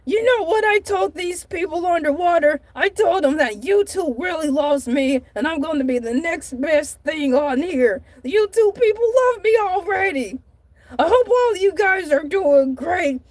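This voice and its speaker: A woman's voice: lively intonation, unhurried, darkish tone, no echo. A woman voicing a boastful shark man who runs his own comedic vlog, rambling and giggly. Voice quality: very high, squeaky put-on voice.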